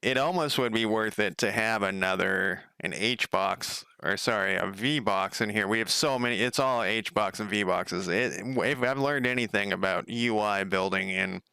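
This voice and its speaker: A man's voice: fairly low pitch, normal speed, gravelly, hardly any pauses, pushed and bright, smooth, no room sound, clean studio sound. A man coding a game on a casual livestream, thinking aloud, rambling, swearing casually and chatting with viewers.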